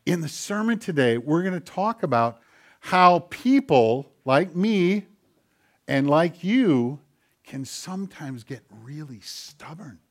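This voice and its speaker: A man's voice: fairly high pitch, animated, takes it slowly. Man pastor, playful with children. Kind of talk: scripture reading and children's sermon.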